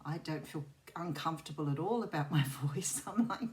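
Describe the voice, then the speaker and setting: A woman's voice: sits low, expressive, moderate pace, a little mellow. Soothing Australian woman reading tarot. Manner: rambling and intuitive, with many fillers and restarts. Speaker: tarot reader. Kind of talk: chatty tarot reading to camera.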